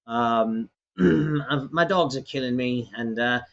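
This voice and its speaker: A man's voice: mid-range voice, slow pace, gravelly, muffled recording. A man voicing a weary noble lady who speaks graciously and formally to her guests.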